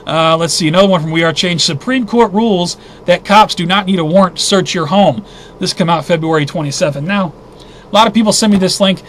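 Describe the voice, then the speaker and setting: Indignant high-voiced man reading news. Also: brisk, fairly bright tone, a little hiss or hum. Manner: agitated, indignant, thinking aloud with restarts. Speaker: host of a weekly news briefing. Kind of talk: casual news roundup commentary.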